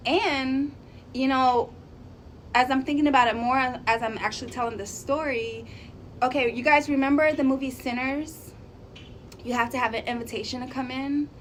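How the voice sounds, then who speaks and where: A fairly high-voiced woman chats to her viewers as she tells a spooky story from home. Her talk is animated and loose, with frequent laughs and drawn-out words. A faint room hum sits under her voice. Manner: chatty, animated, laughs often, drawls words. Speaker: vlogger. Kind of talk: casual storytelling to camera.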